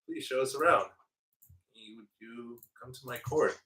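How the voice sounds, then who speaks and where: A man's voice: mid-range voice, a little slow, recorded from a distance, background noise. A man hosting a strategy game playthrough in casual commentary, slipping into playful mock outrage as his ruler. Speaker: let's play host. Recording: roomy echo, away from the mic.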